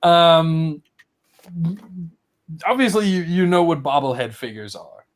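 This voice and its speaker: Streamer, laughing and swearing. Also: male voice, a little high, sing-song, slow pace. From Germany. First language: German. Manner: laughs often, swears casually, reads chat questions. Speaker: streamer host. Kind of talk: casual chat.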